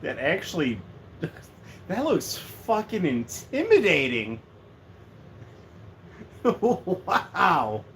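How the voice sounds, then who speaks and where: A man's voice: a little high, slow. A man chatting casually and jokily on a livestream from a room at home, rambling from one thing to the next. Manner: rambling, joking, animated. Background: faint heater hum.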